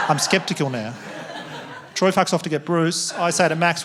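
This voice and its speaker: Male stand-up, slightly higher voice, animated and self-mocking, puts on quick voices for the people in his story. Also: very noisy. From Australia. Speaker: stand-up comedian. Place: theatre stage before a live audience.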